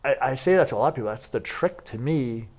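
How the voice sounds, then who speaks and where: A man's voice: mid-range voice, lively intonation, quick pace, a little mellow. A man as a guest in a sit-down interview, telling stories casually with lots of fillers and restarts. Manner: chatty, frequent "like" fillers and restarts. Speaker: wrestler guest.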